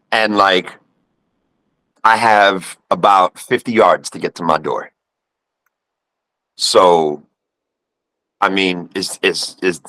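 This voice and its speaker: A man's voice: lowish voice, a bit bright, no echo, poor audio. A man in his fifties with a New York accent, a guest telling a personal story in casual conversation and acting out the voices he quotes. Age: 50s.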